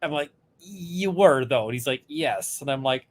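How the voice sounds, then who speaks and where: A man who is a lawyer and podcast co-host tells a courtroom story during a casual chat, speaking at medium pitch and a moderate pace. His retelling is animated, full of fillers and quoted dialogue in different voices.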